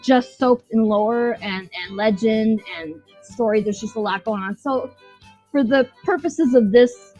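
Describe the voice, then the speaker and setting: A woman's voice: fairly high pitch, unhurried, a little mellow. A woman co-hosting a podcast, chatting casually about a show in a rambling, profane way, laughing as she retells scenes. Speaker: podcast co-host. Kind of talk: casual chat reviewing a show. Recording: dull lo-fi sound with faint music.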